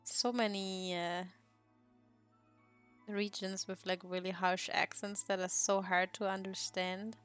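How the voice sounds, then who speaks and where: A young woman chats loosely while she draws. Her talk is rambling and giggly, with plenty of swearing, at a middling pitch. Soft music plays faintly underneath. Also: level tone, takes it slowly, smooth. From Germany. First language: German. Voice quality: laughs often, swears freely, rambling. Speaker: streamer. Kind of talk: casual chat while drawing.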